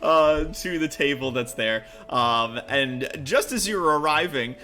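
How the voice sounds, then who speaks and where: A man's voice: on the high side, lively intonation, takes it slowly, sharp tone, slight background noise. A man narrating a tabletop game as game master, laughing often and hesitating with fillers.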